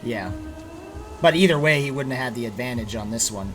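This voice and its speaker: A man's voice: mid-range voice, animated, fairly quick, over a noisy crowd. A man running a tabletop game, explaining rules with lots of fillers and restarts. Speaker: game master.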